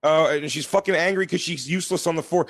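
Fast-talking, profane man telling a story. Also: a little high, no room sound. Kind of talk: casual chat.

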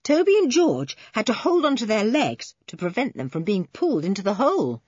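A woman reading a children's adventure story aloud with expressive narration. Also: medium pitch, a little fast, slightly rough, no echo, muffled recording.

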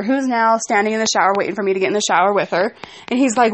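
A young woman vlogs about a fight at home, rambling and venting with clear frustration while tossing asides to her kids. Her mid-range voice is expressive and quick.

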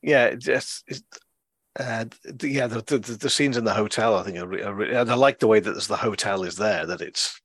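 A man's voice: fairly low pitch, brisk, fairly bright tone, dry recording. A man hosting a podcast, chatting casually about films with lots of fillers and restarts. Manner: rambling, with many fillers and restarts. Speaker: podcast host. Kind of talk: casual film chat.

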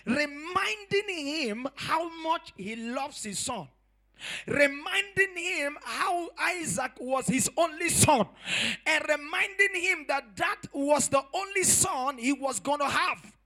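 A man preaching a sermon as pastor, building to shouts on key phrases and hammering points home with repetition and rhetorical questions. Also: extremely high pitch, expressive, takes it slowly.

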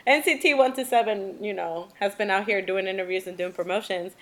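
A woman's voice: mid-range voice, a little fast, fairly bright tone, a little hiss or hum. Woman co-host, casual, laughs a lot, mimics quoted people. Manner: laughs often, quotes people in put-on voices. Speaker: podcast co-host. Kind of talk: casual group chat.

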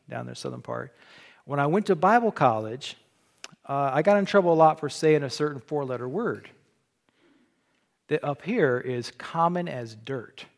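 Folksy, high-voiced pastor preaching. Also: male voice, vocal fry. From Illinois. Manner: folksy, joking, animated storytelling with repeated restarts. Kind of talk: sermon. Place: church.

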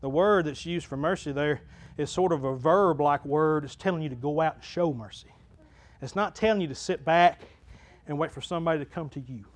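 High-voiced pastor preaching. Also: male voice, a little fast. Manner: folksy, builds to loud preaching crescendos then drops low. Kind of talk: sermon. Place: church sanctuary.

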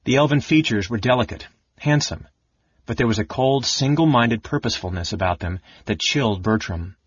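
A man reading a fantasy novel aloud as narrator, in an even, measured way. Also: mid-range voice, breathy edge, dull audio. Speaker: audiobook narrator.

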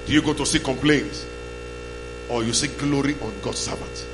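A man preaching a sermon as pastor, calling the congregation to shout back, in a church hall with music and hum behind. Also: medium pitch, fairly even intonation, normal speed. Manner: call-and-response, shouting bursts.

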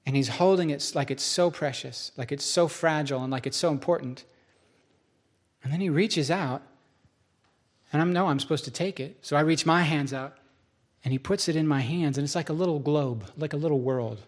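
A middle-aged man preaching a sermon as pastor, telling stories and acting out both sides of a dialogue, then dropping to a hushed voice for solemn moments. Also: fairly high pitch, normal speed.

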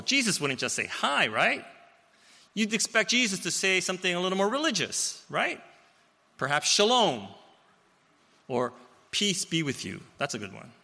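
Animated male preacher in a reverberant hall. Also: high voice, vocal fry. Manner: storytelling, animated, with playful asides. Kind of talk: sermon.

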